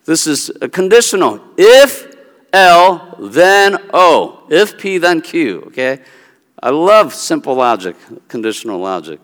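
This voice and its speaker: A pastor delivering an emphatic, teaching-style sermon that walks through logic step by step. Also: male voice, a little high, pushed and bright, long reverb tail.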